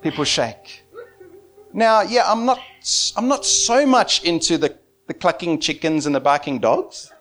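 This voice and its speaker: A man's voice: fairly high pitch, a little slow, faint music behind. A male pastor preaching a sermon, telling stories with lots of laughter and acted-out quotes. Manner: animated storytelling, laughs often, acts out quotes.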